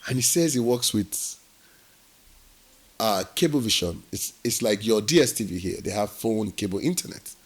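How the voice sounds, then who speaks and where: A man's voice: lowish voice, normal speed, slightly rough. A man from Nigeria, telling his work story as an interview guest and acting out the dialogue. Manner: animated storyteller who acts out quoted dialogue.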